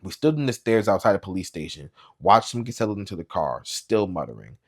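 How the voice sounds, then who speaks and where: A man reading a novel aloud as a booktube reader, with quiet, low-key, even narration. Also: brisk, husky.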